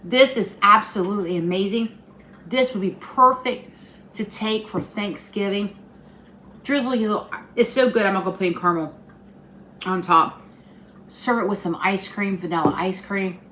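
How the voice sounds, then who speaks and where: Baking in her kitchen, the Appalachian woman running a home cooking channel talks to viewers in a friendly, folksy casual demonstration. She speaks in a mid-range voice, sharp in tone and moderately paced, over a little hiss or hum.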